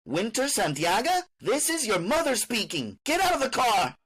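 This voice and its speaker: A man voicing a strung-out middle-aged mother who begs and teases in a high, sing-song voice. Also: sing-song, measured pace, fairly bright tone, full character voice. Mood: wheedling.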